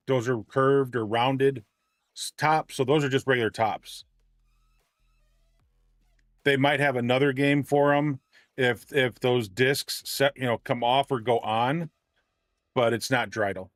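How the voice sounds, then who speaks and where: A chatty male game streamer talks loosely to his viewers from his home setup, stumbling and laughing at his own mistakes. His voice sits at an everyday middle pitch, recorded dry and close, with faint music underneath. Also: fairly even intonation, unhurried, fairly bright tone, no room sound. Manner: chatty, self-deprecating, stumbles over words. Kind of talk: casual livestream chat.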